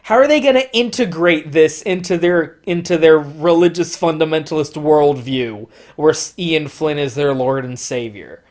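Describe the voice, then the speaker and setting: A man giving a profane, sarcastic commentary while reading from comic panels. He swings between excited outbursts and mocking lows. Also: normal speed, few pauses. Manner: sarcastic, profanity-laden ranting. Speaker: comic book reviewer.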